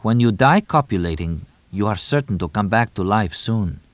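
A man voicing a grieving young man who speaks slowly and solemnly, at times like a prayer. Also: fairly low pitch, animated, no echo, natural voice.

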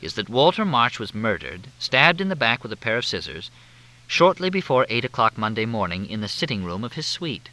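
Wry needling male reporter, voiced by the narrator, bright and animated. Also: medium pitch, fairly quick, low-quality recording. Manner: wry, probing.

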